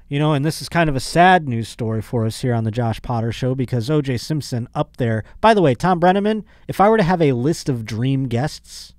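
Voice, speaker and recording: A man's voice: medium pitch, a little mellow, no room sound, studio quality. A man hosting his podcast in a casual comedic monologue, rambling and sarcastic. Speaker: podcast host.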